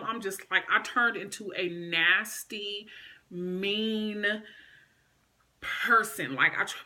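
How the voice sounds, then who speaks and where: Bright-voiced woman vlogger telling a story. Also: medium pitch. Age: adult. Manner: emotional, conversational, many fillers. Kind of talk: personal storytelling.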